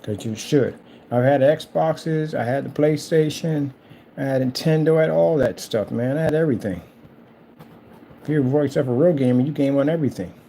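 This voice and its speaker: Male vlog host, gravelly and mellow, rambling and mocking. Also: mid-range voice, normal speed, slight background noise. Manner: taunting, rambling and repetitive. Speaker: channel host. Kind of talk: casual trash-talking monologue.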